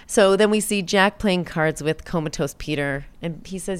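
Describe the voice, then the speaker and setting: A young woman co-hosting a podcast, retelling a movie scene by scene and acting out the characters' lines in quick voices. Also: on the low side, smooth. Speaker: podcast co-host recapping a movie. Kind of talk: casual chat.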